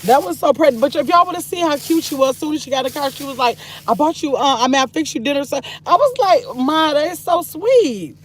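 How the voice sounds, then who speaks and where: An older woman hosting a casual livestream from her phone in a parked car, chatty and excitable, reading comments aloud and turning from sweet to sassy. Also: sits high, fast talker, few pauses, slight background noise. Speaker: livestream host reading chat.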